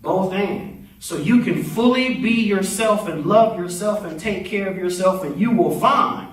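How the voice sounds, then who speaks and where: A man's voice: high voice, measured pace, recorded from a distance. A man minister giving a talkative, playful sermon, leading the congregation in call-and-response. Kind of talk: conversational sermon. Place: church sanctuary. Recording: echoey sanctuary, voice heard from afar.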